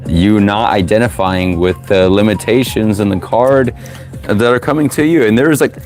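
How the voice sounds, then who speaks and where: A man giving a live tarot reading to viewers, profane and preachy, with sudden loud whoops. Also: fairly low pitch, moderate pace, faint music behind. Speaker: tarot reader, live streamer.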